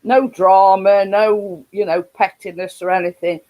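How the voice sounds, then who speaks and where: Yorkshire lady chatting on her live stream, slow and rambly, keeps laughing. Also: mid-range voice, steady tone, highs cut off. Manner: rambling, laughs often, many restarts. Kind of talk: casual live stream chat.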